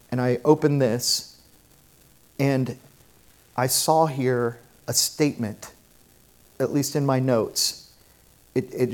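A man preaching a sermon, moving from quiet, conversational reflection with restarts and rhetorical questions to loud, emphatic preaching. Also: mid-range voice. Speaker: pastor.

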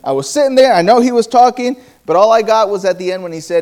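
High-voiced man preaching a sermon. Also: animated, a little mellow. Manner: storytelling with quoted dialogue and halting restarts.

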